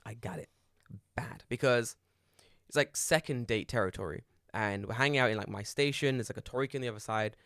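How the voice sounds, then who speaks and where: Fast-talking man telling a story. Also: mid-range voice, no echo, studio quality. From Britain. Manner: animated storyteller, swears freely, acts out voices. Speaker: podcast co-host. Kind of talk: casual chat.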